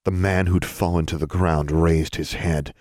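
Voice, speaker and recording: A male audiobook narrator with a very deep, low voice, reading a fantasy chapter in a measured, even way. The sound is dry and close, with no room around it. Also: no echo. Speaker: podcast narrator.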